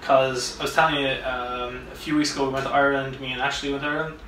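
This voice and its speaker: A man's voice: mid-range voice, level tone, fast talker, background noise. A man hosting a casual podcast chat, talking in a loose, rambling and heavily profane way. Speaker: podcast host. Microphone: camera microphone. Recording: roomy, distant camera-mic audio.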